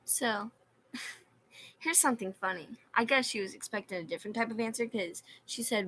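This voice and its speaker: A woman's voice: medium pitch, normal speed, fairly bright tone, breathy edge, poor audio. A young woman on a livestream reading chat messages aloud and telling a story in a sarcastic, complaining way.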